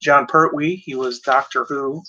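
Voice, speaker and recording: Male host talking to camera off the cuff, with halting, rambling delivery, a tense bright tone and muffled lo-fi sound. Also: medium pitch, fairly even intonation. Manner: rambling, hesitant, with many fillers and self-corrections. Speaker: video host. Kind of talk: casual talk to camera. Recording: dull lo-fi sound.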